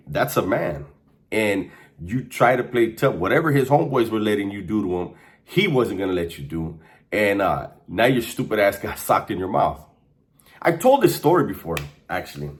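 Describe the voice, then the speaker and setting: A man telling a prison story in a casual, slangy monologue, laughing now and then. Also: on the low side. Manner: laid-back, slangy, laughs while telling. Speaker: storyteller recounting prison life.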